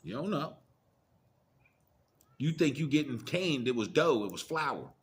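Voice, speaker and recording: A man's voice: medium pitch, very animated, unhurried. A middle-aged man giving a profane, preachy monologue of blunt warnings in casual rant style. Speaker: commentator.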